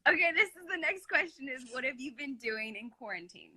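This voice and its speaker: A woman's voice: sits high, lively intonation, fairly quick, bright, forceful tone. A woman hosting a casual live chat, talking eagerly with lots of fillers and asking questions. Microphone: phone on a live video stream.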